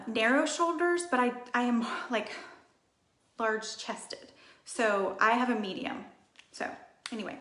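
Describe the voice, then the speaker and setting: Beauty livestreamer, woman in her thirties, slightly high voice, chatty and rambling, roomy home-room echo. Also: fairly bright tone. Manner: rambling and chatty, reading out viewer comments. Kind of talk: casual live makeup tutorial chat.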